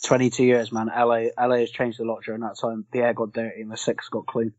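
A man on a podcast, chatting low-key about a film and quoting its lines. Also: monotone, fairly quick, darkish tone, dull audio. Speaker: podcast co-host. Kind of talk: casual film review chat.

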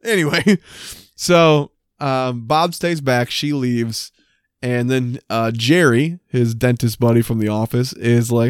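A man's voice: mid-range voice, slow, clean tone, no room sound, clean studio sound. A man casually recapping a TV episode with a friend, swearing freely and acting out lines from the show. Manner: animated retelling with quoted voices and frequent swearing. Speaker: podcast co-host.

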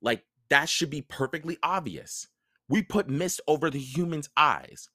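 A man voicing a nervous, touchy young male satyr with a high, hesitant voice. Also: expressive, measured pace, sharp tone, no room sound, clean studio sound, heavily acted. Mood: urgent.

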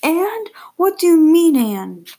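A woman voicing an angry, disapproving father who fires off loud questions in a raised voice. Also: very high voice, big pitch swings, drawn-out words, a little hiss or hum, voice pushed up, exaggerated voice.

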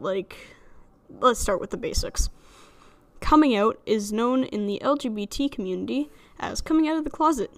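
Chatty young woman with a slight lisp. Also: a little high. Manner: chatty, rambling, self-deprecating with frequent laughs. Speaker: podcast host. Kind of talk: solo podcast monologue. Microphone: studio microphone alone in a room.

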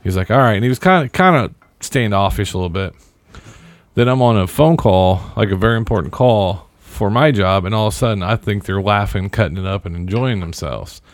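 A man's voice: fairly low pitch, expressive, brisk, dry recording. A man in his thirties co-hosting a casual podcast, telling a long story in a laid-back, wry way and acting out what others said. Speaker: podcast co-host.

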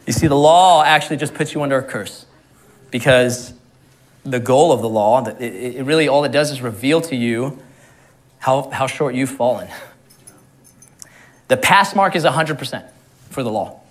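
A man's voice: medium pitch, normal speed, pauses often. A man preaching a sermon in a conversational way, often repeating words and laughing at his own jokes. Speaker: pastor.

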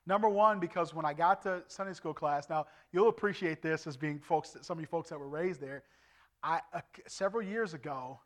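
A man's voice: a little high, a little fast. Earnest evangelist man telling his testimony. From Indiana, USA. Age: 40s. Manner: earnest storytelling, acts out dialogue. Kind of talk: preaching a personal testimony. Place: church service.

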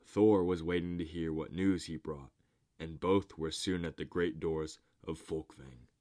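A male storyteller reads an old myth aloud in a scripted narration. His voice is very deep. He reads slowly and deliberately. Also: fairly even intonation, a little mellow. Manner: measured, deliberate reading.

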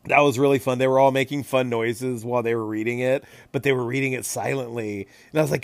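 A man, the game master, casually recaps a tabletop game with loose, profane energy and frequent laughter. His voice has a gravelly, creaky texture at a middle pitch. The sound is close and dry. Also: fast talker, hardly any pauses, no echo. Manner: animated, profane, laughs often.

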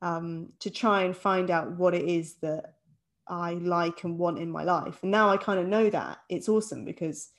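Lower-voiced woman about thirty, easygoing podcast co-host who asks the questions. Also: fairly even intonation, moderate pace. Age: around 30. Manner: easygoing, steers the conversation with questions. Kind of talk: casual chat.

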